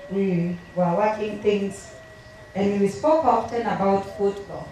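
A woman's voice: medium pitch, dark tone. Tearful woman in echoey hall. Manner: emotional, halting delivery. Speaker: family member giving a eulogy. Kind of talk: reading tributes at a memorial service. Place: memorial gathering in a large hall. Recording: echoey hall from far off, faint noise.

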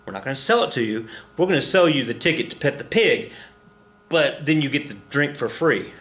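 A man's voice: mid-range voice, big pitch swings, moderate pace, a bit bright. A middle-aged man from Oklahoma, a history teacher giving a casual recorded lecture, chatty, with joking asides and many fillers and restarts.

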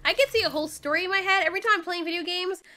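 A woman commentating live as she plays a video game, reacting loudly and swearing at the game in exasperation. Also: extremely high pitch, racing, soft background music. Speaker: gaming channel host.

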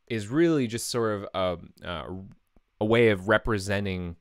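A man's voice: fairly low pitch, moderate pace, clean tone. A man talking through code on a live stream, explaining step by step in a casual way and correcting himself as he goes, into a mic with a pop filter. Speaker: programmer streaming his work. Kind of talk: live coding stream, thinking aloud. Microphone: studio mic with pop filter.

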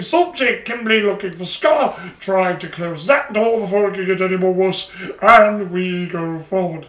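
An anime review host rambles through a casual solo episode recap, playing around with a put-on British cockney voice. The voice is mid-range and a bit bright, sounding distant from the mic with a roomy echo.

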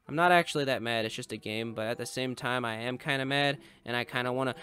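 A man giving goofy playthrough commentary on a racing game, yelling when he falls behind and chanting made-up nonsense words. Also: mid-range voice, animated, brisk, few pauses, clean tone, no room sound. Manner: goofy, yells in frustration, makes up nonsense rhymes. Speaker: gaming channel host.

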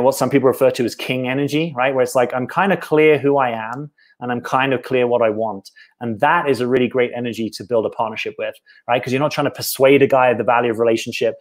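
A British man, a dating coach, talking casually on a live stream, answering viewer questions in a reflective way and often adding "right?". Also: mid-range voice. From Britain.

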